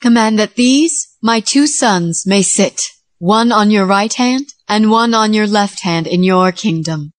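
A woman's voice: medium pitch, measured pace, few pauses, dry recording, close to an everyday voice. A woman playing a mother pleading a favor for her two sons in a dramatized scripture reading, earnest and imploring.

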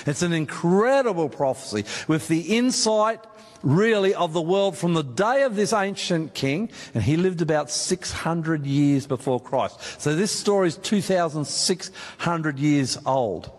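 Emphatic Australian man preaching in a hall. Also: fairly high pitch. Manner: emphatic, conversational, addresses audience directly. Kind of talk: sermon on Bible prophecy. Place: meeting hall with audience.

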